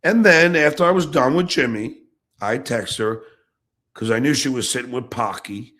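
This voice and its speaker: A middle-aged man hosting his own podcast, ranting angrily and profanely, jumping between shouts and low mutters. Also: normal speed. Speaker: podcast host. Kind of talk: angry ranting monologue.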